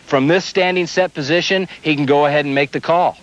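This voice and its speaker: Umpire instructor, male, slightly high, methodical delivery; muffled old video audio. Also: brisk, soft background music. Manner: steady, explains step by step. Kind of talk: instructional demonstration.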